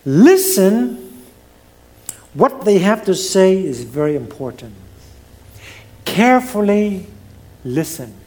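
High lively-voiced preacher man. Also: slow pace, long pauses. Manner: preaching with lively rises and drops, non-native grammar. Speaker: pastor. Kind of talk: sermon.

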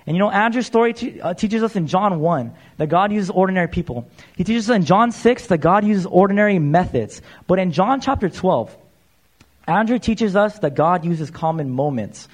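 A man with a high-pitched voice preaches in a church. He talks loosely and conversationally, with plenty of "uh" fillers, and keeps addressing the congregation as "you guys". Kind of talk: sermon.

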